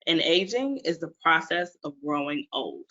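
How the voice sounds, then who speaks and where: Presenting a webinar, a Washington, D.C. physical therapist keeps asking her audience questions in a bright, forward voice that sits low, with lively intonation at a normal speed. The audio comes across dull and lo-fi, like a webinar stream.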